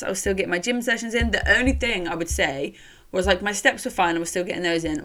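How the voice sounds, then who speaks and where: Young woman, lowish voice, casual storytelling, candid, fillers. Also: a bit bright. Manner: chatty and candid, swears casually, lots of fillers. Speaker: podcast host.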